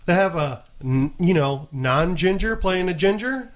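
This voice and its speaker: A man's voice: sits high, animated, measured pace. A man co-hosting a podcast, joking in a provocative, mock-outraged way. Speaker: podcast co-host. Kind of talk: casual podcast chat.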